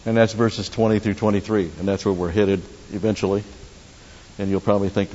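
A man's voice: fairly low pitch, little pitch movement, fairly quick, warm tone. A man preaching a sermon in a conversational way, with asides and restarts, leading the congregation in prayer. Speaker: pastor. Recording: dull roomy hall recording with faint hiss.

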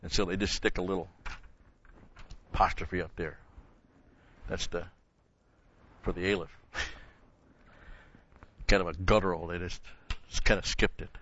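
A man's voice: low voice, fairly even intonation, measured pace, pauses often, fairly bright tone, lo-fi sound, a little hiss or hum. A man giving an expository sermon, explaining Bible verses step by step and rising in emphasis on key words. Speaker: Bible teacher.

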